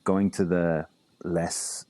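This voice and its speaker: A man's voice: low voice, little pitch movement, drawn-out words, warm tone. A man from England with a London accent, a fighter and coach chatting casually in an interview, rambling and peppering his talk with "you know" and "bro". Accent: London English. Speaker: bare knuckle fighter and coach.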